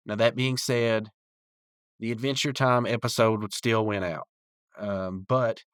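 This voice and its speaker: A man's voice: lowish voice, a bit bright, dry recording, studio quality. A man hosting a podcast, recapping and reviewing a cartoon episode in a loose, rambling way with lots of fillers.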